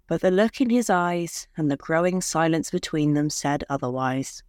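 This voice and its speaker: A woman narrating a short romance story in a measured, somber way. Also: low-pitched, lively intonation, a little mellow, no echo, clean studio sound.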